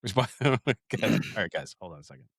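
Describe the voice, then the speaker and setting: A man in his thirties on a casual podcast, spinning profane, rambling stories in a lowish voice. The sound is close and dry, with no room around it. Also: expressive, fast, gravelly, a bit bright, husky, no room sound. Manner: profane, rambling storyteller, calls listeners "dude". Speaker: podcast co-host.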